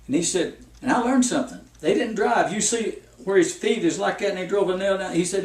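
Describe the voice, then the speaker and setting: Man, folksy preacher, storytelling sermon, slightly high voice, echoey room, far from the mic. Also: brisk, hardly any pauses. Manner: folksy, repetitive warnings with anecdotes.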